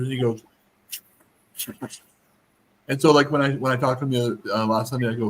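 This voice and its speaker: A man's voice: medium pitch, steady tone, fast, pauses often, rough recording. Joking man chatting casually. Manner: joking, playfully acts out voices in stories. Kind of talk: casual chat.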